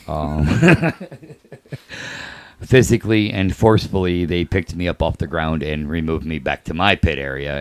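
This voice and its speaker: A very low-voiced man speaks in a measured, dry way as a guest on a podcast. He is a race car driver talking casually with the hosts. The sound is close and dead, with no room around it. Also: no echo.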